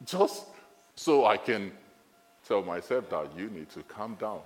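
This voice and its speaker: A man with a Nigerian accent delivers a sermon, his fairly low voice jumping high when he gets animated and doubling back on his words. His voice rings through a big hall with long reverb, and soft music plays faintly behind him. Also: a little slow. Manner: lively, animated, repeats phrases, rises high when excited. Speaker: preacher.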